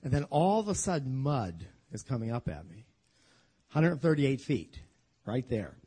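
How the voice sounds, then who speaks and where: A man teaching a sermon as a humorous, animated story, acting out the voices of the people in it. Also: medium pitch, unhurried, husky. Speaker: Bible teacher.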